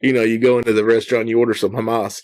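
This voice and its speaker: A man's voice: medium pitch, little pitch movement, racing, a little mellow, no echo. A man hosting a podcast in casual chat, easygoing and joking, backing his guest with short replies. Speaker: podcast host.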